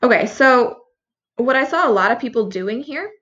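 A woman's voice: fairly high pitch, expressive, moderate pace, fairly bright tone, highs cut off. A woman teacher patiently walking students through a review lesson, explaining each answer step by step. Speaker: Spanish teacher.

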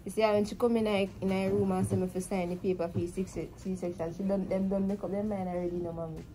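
A woman's voice: medium pitch, flat delivery, quick pace, dark tone, slight background noise. A woman with a Jamaican accent chatting casually to camera as a vlogger, telling a story and slipping into patois. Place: hospital maternity room, in bed.

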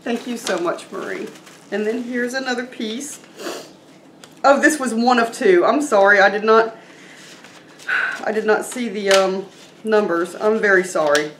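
Gushing, excitable woman vlogger. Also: medium pitch, a little slow, pauses often, echoey room, a little hiss or hum. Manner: excited and gushing, laughing often. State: teary. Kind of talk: casual vlog chat. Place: room at home with a noisy chair.

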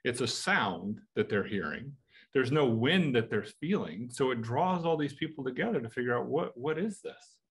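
Husky American male Bible teacher, casual and explaining, poses questions to his class. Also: mid-range voice, animated, moderate pace. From United States. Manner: conversational, asks rhetorical questions.

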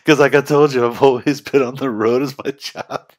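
A man's voice: mid-range voice, fairly even intonation, normal speed. A middle-aged man giving casual reaction commentary, laughing often, swearing freely and talking back to the clip. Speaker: reaction streamer.

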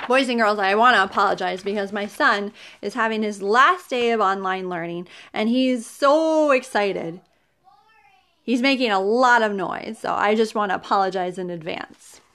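A woman's voice: mid-range voice, measured pace, a bit bright. A woman reading a children's storybook aloud, with chatty asides to the young listeners.

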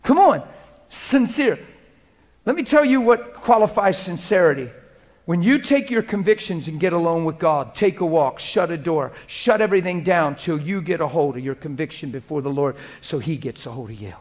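Speaking at a normal speed, a male preacher with a strikingly high voice gives a sermon in a casual, forceful style. Phrases get repeated for emphasis as he swings from loud urging to hushed, prayerful tones.

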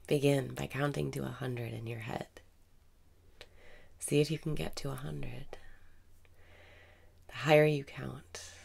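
Low gravelly woman guiding meditation. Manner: slow, soft, often half-whispered. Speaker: meditation guide. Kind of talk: guided meditation.

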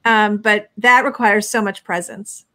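A woman hosting a live online interview, asking quick, eager questions. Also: medium pitch, fairly even intonation, pushed and bright. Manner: quick and eager, laughs readily. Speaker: host. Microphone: online live stream.

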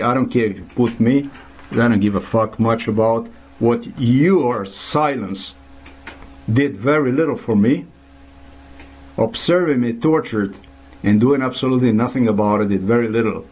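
A man's voice: medium pitch, moderate pace, a little mellow, husky. Man, angry profane rant to camera, rambling, mid-range voice. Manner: furious, profane, rambling with restarts.

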